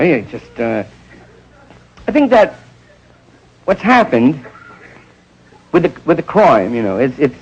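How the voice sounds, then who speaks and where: A man doing stand-up storytelling, jumping into quick voices of the people in his stories. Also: fairly high pitch, breathy edge, highs cut off. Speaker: stand-up comedian.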